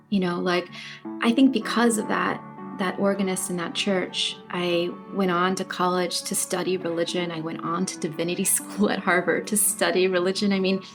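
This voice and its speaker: Woman telling a story on a podcast, feels it all, laughs here n there. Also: medium pitch. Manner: vivid, heartfelt, laughs between phrases. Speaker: guest. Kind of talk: personal storytelling in conversation.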